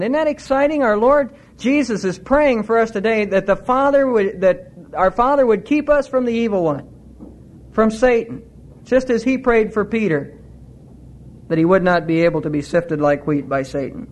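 Slightly slow in pace, this middle-aged preacher has a distinctly high-pitched voice and sincere conviction. He alternates between teaching and passionate stress, his pitch lifting further whenever he grows excited about a point.

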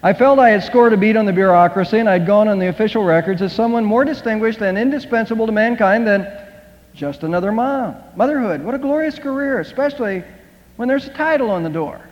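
A male pastor with a somewhat high voice delivers an earnest sermon and prayer, pausing and repeating words as he goes. The sound is muffled and dull, with a long reverb from a large sanctuary. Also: lively intonation. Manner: earnest, with frequent halting restarts. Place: church sanctuary.

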